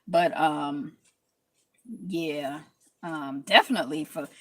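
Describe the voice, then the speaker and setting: A woman hosting a casual talk stream, telling stories in lively quoted voices and reading viewer comments aloud. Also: sits low, slow, no room sound. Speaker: host.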